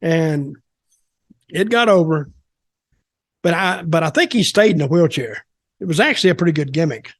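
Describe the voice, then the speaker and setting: A man's voice: on the high side, expressive, moderate pace, pauses often, no echo. An older man, telling rambling stories as a podcast host. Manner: rambling, repeats words as he talks. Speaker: podcast host, former wrestler. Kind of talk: casual storytelling.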